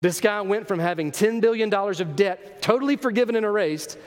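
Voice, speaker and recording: High-voiced preacher in a reverberant hall. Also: male voice, a little fast. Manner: animated storytelling, rhetorical questions to the congregation. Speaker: pastor. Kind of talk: sermon.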